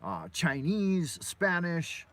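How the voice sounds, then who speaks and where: Fairly high-pitched and very animated, this man speaks extremely slowly with a fairly bright tone. He's an American from Los Angeles hosting a live morning show from his car, rambling through stories in a loose, profane, meandering live-stream style.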